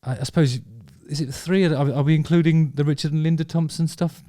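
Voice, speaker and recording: A man's voice: fairly high pitch, fairly even intonation, fairly quick, warm tone, no room sound, clean studio sound. A man chatting casually about favourite songs, rambling and enthusiastic, with many ums and restarts. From England. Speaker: vlog host talking about music.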